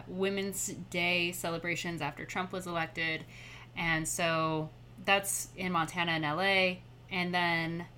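A young adult woman speaking as a podcast guest in casual conversation, chatty and quick to laugh. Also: on the low side, bright, forceful tone, slight background noise.

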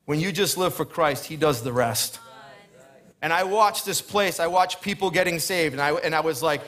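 A man with a somewhat high voice delivers a sermon from a church stage. He tells his own story in a chatty, storytelling way, then builds into emphatic preaching. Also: a bit bright. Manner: storytelling, chatty, quick asides with laughs. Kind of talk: sermon with personal testimony.

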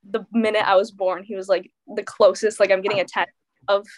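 A teenage girl with a medium-pitched, brisk voice tells a dramatic personal story in casual chat. She's an animated storyteller, packing in fillers and quoted dialogue, and she's appearing as a guest.

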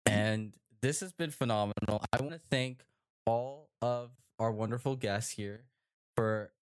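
A male podcast host in easy conversation, his voice at an ordinary middle pitch. He rambles with plenty of fillers and keeps tossing out "right?" to his listeners. The delivery is animated and casual. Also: measured pace, clear, resonant tone. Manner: animated, chatty, with many fillers and tag questions. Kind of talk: casual chat.

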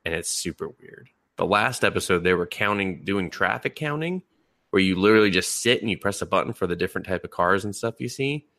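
A man's voice: low voice, expressive, fairly quick, a bit bright, dry recording, clean studio sound. A man co-hosting a podcast in casual chat, rambling, laughing and swearing as he retells scenes. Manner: rambling, laughing, profane, mimics people mid-story. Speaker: podcast co-host.

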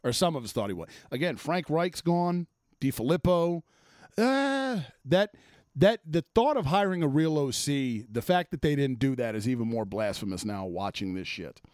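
A man hosting a sports talk show, ranting bluntly and swearing freely. His voice is mid-pitched and plain. It is recorded close and dry, with no room sound. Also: sing-song, moderate pace, a little mellow, no echo. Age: adult, former offensive lineman. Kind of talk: profane sports rant.

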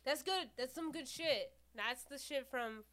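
A woman's voice: sits high, a little slow, a crowd in the background. Chatty woman co-hosting a podcast. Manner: chatty, with frequent "like" fillers. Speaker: podcast co-host. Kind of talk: casual chat about comedy movies.

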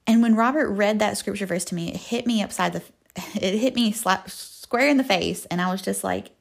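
A young woman talks through a faith podcast in an earnest, folksy way. Her voice sits at a middling pitch with a gravelly fry under it. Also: normal speed. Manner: earnest, folksy, with soft laughs. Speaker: podcast host.

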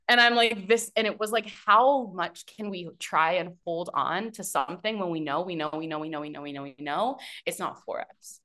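Woman guest, low-ish voice, casual storyteller, chatty with fillers and laughs. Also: lively intonation, normal speed, pushed and bright. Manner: chatty, many fillers and restarts, bursts of laughter. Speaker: guest, business and mindset mentor.

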